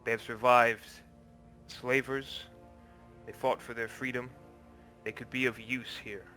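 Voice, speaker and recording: A man's voice: medium pitch, level tone, a little slow, bright, forceful tone, faint music behind, voice pushed up. A man playing an earnest paladin who speaks in a formal, old-fashioned way. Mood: pleading. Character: earnest young male paladin, formal and pleading.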